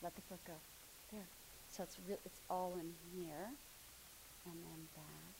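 Soft-spoken woman coaching a movement class. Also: fairly low pitch, fairly even intonation, a little slow, noisy background. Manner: coaxing, encouraging, often drops to a near murmur. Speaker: movement instructor. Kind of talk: hands-on class instruction.

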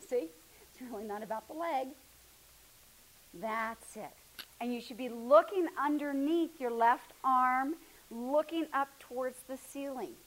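Soft-spoken woman coaching a movement class. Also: mid-range voice, a little hiss or hum, low-quality recording. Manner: coaxing, encouraging, often drops to a near murmur. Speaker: movement instructor. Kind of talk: hands-on class instruction.

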